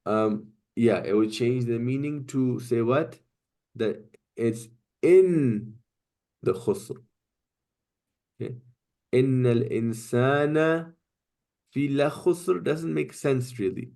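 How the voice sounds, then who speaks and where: A man teaches a Quranic Arabic class, patiently explaining grammar, often asking "right?" and "okay?", and reciting verses quickly. His voice is medium-pitched and warm, with vocal fry.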